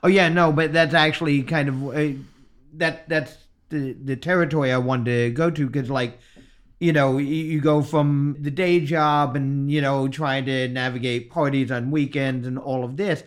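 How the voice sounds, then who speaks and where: A man hosting a casual interview, giving short replies and asking halting questions. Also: medium pitch, fairly even intonation. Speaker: interviewer, host.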